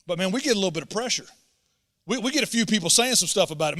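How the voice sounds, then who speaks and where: A man's voice: high-pitched, expressive, fast talker, sharp tone. A man preaching a sermon as a pastor, earnest and emphatic, often repeating words as he presses a point. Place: church auditorium. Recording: long church hall reverb.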